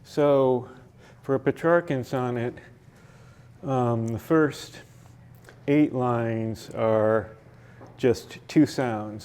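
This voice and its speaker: A man leading a library poetry workshop, explaining sonnet form slowly with frequent fillers and restarts. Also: medium pitch, a little mellow, smooth. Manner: slow, halting explanation with many fillers and restarts. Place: library meeting room.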